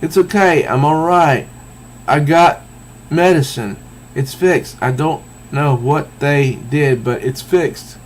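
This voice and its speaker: A man's voice: a little high, takes it slowly, voice pushed up. An anxious young man from a comic book who is turning into a monster, as a man reading aloud puts him on. He speaks in a raised, strained voice, trying to sound reassuring. Faint air-conditioning noise sits in the background. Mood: relieved. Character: frightened young man turning green, desperate.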